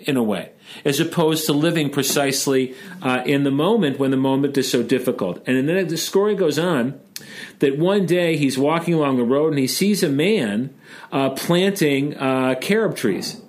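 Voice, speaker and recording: A man's voice: a little high, normal speed. A man from Chicago hosting a casual discussion, talking in a chatty, joking way and retelling a story. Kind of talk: casual discussion of Jewish texts.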